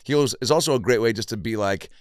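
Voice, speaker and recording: A man's voice: mid-range voice, fast talker, no room sound, studio quality. A man hosting a casual comedy podcast, telling stories with lots of fillers like "like" and "you know". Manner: filler-heavy, animated storytelling.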